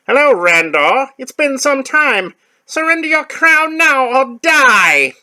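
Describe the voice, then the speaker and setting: A man voicing a boastful, menacing skeleton villain from a comic in a high, shrill, nasal snarl. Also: sing-song, slow pace, pushed and bright, exaggerated voice. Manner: theatrical, gloating.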